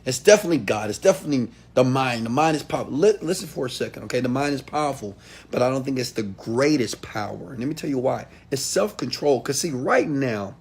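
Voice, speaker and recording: A man speaking as a motivational speaker, addressing his audience directly. His voice is husky and slightly rough, at an ordinary pitch. He talks emphatically, dropping to quiet asides and then rising into loud, forceful bursts. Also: lively intonation, fast. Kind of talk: motivational talk to camera.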